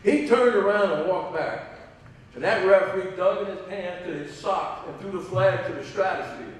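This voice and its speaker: A man's voice: high voice, normal speed, a little hiss or hum. A middle-aged man, a father telling stories in an induction speech, acting out quotes with laughing asides. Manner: animated storyteller, acts out quotes, laughing asides. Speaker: father giving a hall of fame induction speech. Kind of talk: storytelling speech at a banquet. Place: large hall. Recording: echoey hall from far off.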